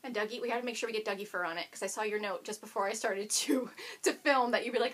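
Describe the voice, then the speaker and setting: A woman's voice: mid-range voice, fast talker. A woman hosting a knitting video podcast, chatting casually and bubbly to the camera and talking to her dog now and then.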